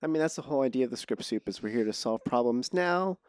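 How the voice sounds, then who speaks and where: A man hosting a casual podcast conversation, sarcastic and quick to laugh, often restarting his words. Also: mid-range voice, expressive, darkish tone, clear, resonant tone, no room sound, clean studio sound. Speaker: podcast host.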